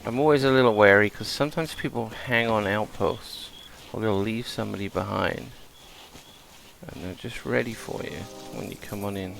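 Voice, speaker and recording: A man's voice: lowish voice, moderate pace, creaky, fairly bright tone, faint music behind, low-quality recording. A man hosting a gaming video, chatting casually and thinking aloud as he plays. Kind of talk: relaxed gameplay commentary.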